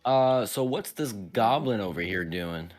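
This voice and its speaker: A man's voice: fairly low pitch, lively intonation, measured pace, soft background music. A man speaking as a player in a tabletop game, casual and questioning.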